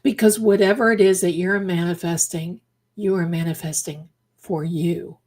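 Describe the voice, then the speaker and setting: A woman's voice: lowish voice, fairly even intonation, normal speed, a little mellow. A middle-aged woman hosting a livestream, chatting casually and emphatically with her viewers, repeating phrases for effect and calling them her darlings. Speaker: livestream host.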